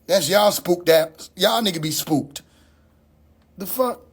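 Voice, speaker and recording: Man, high voice, livestream rant, phone mic, profane, mocking, repeats questions. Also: slow, breathy edge. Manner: incredulous, mocking, swears constantly, repeats questions for effect. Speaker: livestream host.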